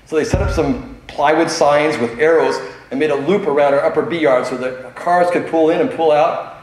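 In a big convention hall, a middle-aged man gives a conference talk full of anecdotes, speaking at a moderate pace in a fairly high but darkish voice. He's a talkative storyteller who laughs a lot and drops in plenty of ums and uhs. Heavy reverb makes the audio echoey.

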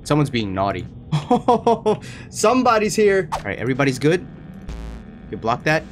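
A young man streaming a horror game, chattering to viewers in an excitable, panicky way. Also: fairly high pitch, unhurried, a little hiss or hum. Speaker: gaming streamer. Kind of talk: horror game let's play commentary.

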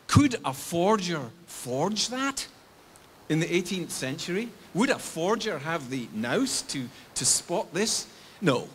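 A man's voice: fairly high pitch, a bit bright. Older English man lecturing, faint hiss. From England. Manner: explanatory, asks and answers his own questions. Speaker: guest lecturer. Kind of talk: public university lecture. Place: university lecture hall.

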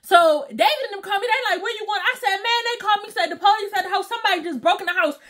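A woman's voice: very high-pitched, very fast. A young woman casually telling a story to her viewers, acting out what everyone said with exclamations and slang. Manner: animated, acts out quotes with exclamations and slang. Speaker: storytime vlogger.

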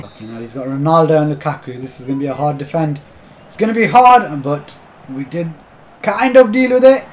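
A young man commentating his own football video game match, swearing often and bursting into shouts at the game. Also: a little high, brisk. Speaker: gaming YouTuber. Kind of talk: live gameplay commentary.

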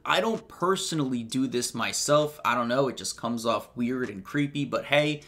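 A man's voice: medium pitch, normal speed, fairly bright tone. A young man in his twenties, a YouTuber giving casual, slangy commentary on text messages and chuckling often.

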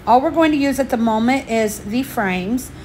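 A woman's voice: fairly high pitch, normal speed, a little mellow, a little hiss or hum. A woman, slightly out of breath, chatting through a step-by-step craft tutorial for her channel. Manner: chatty, homey, explains each step.

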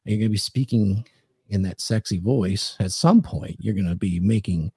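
A man's voice: lowish voice, normal speed, mellow, breathy edge, no room sound, clean studio sound. A man hosting a podcast, giving dating advice in casual chat and acting out quoted lines in a commanding tone.

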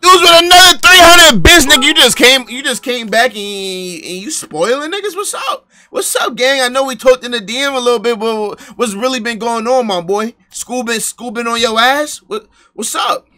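A man hosting a live reaction stream, excitable and profane, bantering with his chat. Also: very high voice, normal speed.

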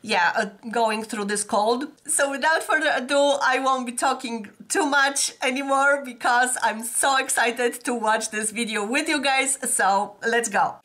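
A woman with a stuffy nose from a cold, chatting in a gushing, excitable, rambling way in a casual reaction vlog. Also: high-pitched, unhurried, hardly any pauses. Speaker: music video reactor.

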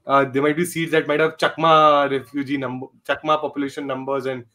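A man's voice: medium pitch, little pitch movement, a little fast, sharp tone. A man, a panelist on a podcast, talking politics thoughtfully with lots of fillers and dry sarcasm. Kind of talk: casual political discussion.

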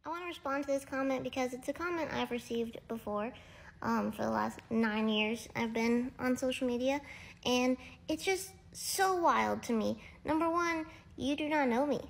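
A young woman with a very high, small-sounding voice talking candidly and casually to her phone camera, ranting and poking fun at herself. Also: moderate pace, creaky. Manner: candid, ranting, self-mocking. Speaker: comedy creator.

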